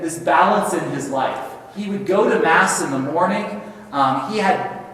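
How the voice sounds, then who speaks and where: A man in his thirties, a teacher giving a talk, telling stories with sound effects and restarts. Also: a little high. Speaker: religion teacher and speaker. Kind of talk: talk on saints. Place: large hall at a spiritual center. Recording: echoey hall, mic far off.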